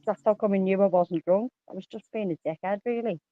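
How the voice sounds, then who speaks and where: A woman chatting casually on a stream, swearing freely and laughing through her stories. Her voice sits at an ordinary pitch. The sound is dry and a little dull. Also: fast, no room sound. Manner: swears a lot, laughs often, rambling anecdotes. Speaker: guest on a live chat stream. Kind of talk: casual chat.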